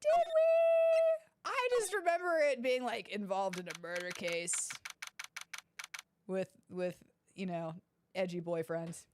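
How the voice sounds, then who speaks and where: A woman's voice: lowish voice, animated, unhurried, slight background noise. A woman casually commenting through a game playthrough, chatty, giggly and self-deprecating. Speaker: gaming streamer.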